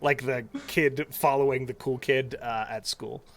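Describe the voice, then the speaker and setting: A man's voice: medium pitch, fairly even intonation, unhurried, over a noisy crowd. A man playing in a tabletop game, chatting eagerly and playfully. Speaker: player. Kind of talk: casual chat at a tabletop game. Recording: loud background noise.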